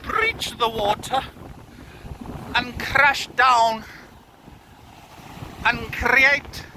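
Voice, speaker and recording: This is a very high-pitched man in his thirties, speaking extremely slowly in a steady, pushed, bright tone on a low-quality recording. He's out walking a windy beach for a casual vlog, tired and a bit breathless, rambling in a jokey, profane, mock-grand way while wind noise blows across the phone mic.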